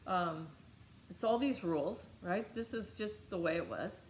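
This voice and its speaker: A middle-aged American woman telling a story on her vlog, blunt and animated, swearing freely. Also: lowish voice, a little slow, roomy sound, slight background noise. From United States. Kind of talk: casual storytelling.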